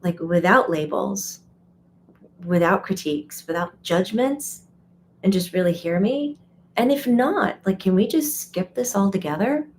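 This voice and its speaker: A woman speaks casually to her live stream audience in an ordinary mid-range voice. She is chatty and animated, often acting out what other people say and laughing. A faint background noise sits under the recording. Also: mid-range voice, a little slow. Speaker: medium and teacher. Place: home or studio, live stream.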